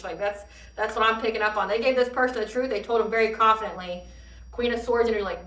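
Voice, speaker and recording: A woman giving a casual tarot reading in an animated way, swearing freely and laughing often. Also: fairly high pitch, fast, echoey room, recorded from a distance, low-quality recording. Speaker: tarot reader.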